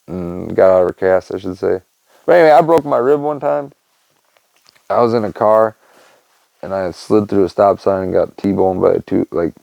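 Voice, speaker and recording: Gravelly-voiced man rambling through a story. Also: on the low side, mellow, no room sound, poor audio. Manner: rambling, loose, lots of "man" and "you know". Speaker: podcast host. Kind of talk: casual storytelling monologue.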